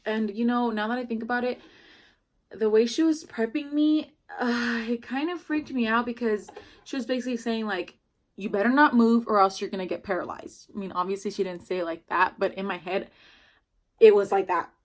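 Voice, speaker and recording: A woman's voice: fairly high pitch, brisk. Young woman, new mom, casual storyteller, chatty and rambling, lots of filler words. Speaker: new mother telling her birth story.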